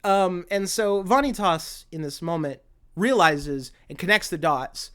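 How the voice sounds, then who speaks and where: A man's voice: a little high, normal speed, sharp tone, smooth. A man retelling an anime series in a casual video essay, emotional and rambling, with many restarts. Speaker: anime commentator.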